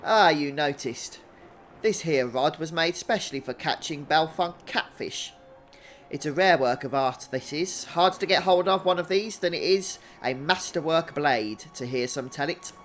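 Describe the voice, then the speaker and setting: A man's voice: on the high side, moderate pace, fairly bright tone, faint music behind, natural voice. A man putting on an accent to voice a proud female shipwright from a video game. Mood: boastful. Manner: put-on accent, boastful.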